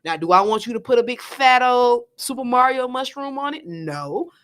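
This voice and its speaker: A woman co-hosting a casual chat show, chatty and quick to restart her sentences. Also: on the high side. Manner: animated, chatty, restarts a lot. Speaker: podcast co-host.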